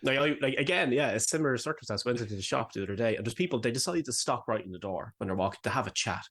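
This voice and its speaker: A man's voice: mid-range voice, animated, racing, a bit bright. A young Irish man co-hosting a podcast, grumbling in a wry, self-mocking casual chat. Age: young adult. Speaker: podcast co-host.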